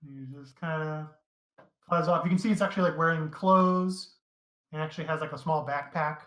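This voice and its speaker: A man narrating a tabletop game as dungeon master, easygoing and halting, with many fillers. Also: fairly high pitch, steady tone, pushed and bright, roomy sound, low-quality recording.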